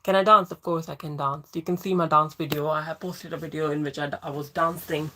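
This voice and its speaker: A woman's voice: sits low, fairly even intonation, a little fast, sharp tone. A woman hosting a casual livestream Q&A, answering viewer questions thoughtfully and often searching for words and restarting.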